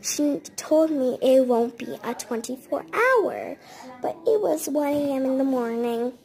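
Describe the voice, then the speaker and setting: Woman, high-pitched, casual storytime, chatty, rambling, lots of fillers. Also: expressive, measured pace, a little mellow.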